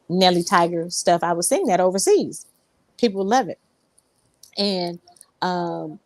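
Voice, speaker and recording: A woman singer tells her story as an interview guest, wandering through it with plenty of ums and restarts. Her voice sits fairly low. The recording is dry, with no room sound. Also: dry recording. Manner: rambling, many fillers and restarts. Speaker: Southern soul singer, guest.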